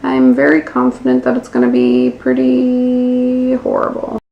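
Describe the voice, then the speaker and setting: A woman's voice: high voice, sing-song, a little slow, vocal fry, muffled recording. An American woman in her twenties narrating a casual nail art tutorial, self-deprecating and swearing casually. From United States. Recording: echoey room, faint background noise.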